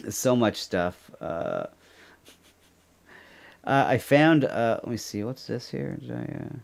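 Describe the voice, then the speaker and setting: A man's voice: medium pitch, expressive, takes it slowly, vocal fry, a little hiss or hum. A man from Canada co-hosting a podcast, rambling and joking through casual commentary and laughing often. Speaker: podcast co-host.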